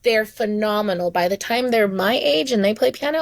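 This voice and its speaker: A woman's voice: medium pitch, brisk, hardly any pauses, dry recording. A woman hosting a podcast interview, telling personal stories in an earnest, conversational way. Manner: earnest, storytelling. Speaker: podcast host. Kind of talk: casual interview talk.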